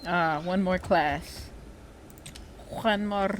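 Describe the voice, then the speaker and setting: A woman's voice: lowish voice, drawn-out words, heavy background noise. A woman streamer chatting casually and telling stories while playing a game with friends. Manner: chatty, storytelling. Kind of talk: casual chat. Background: game music.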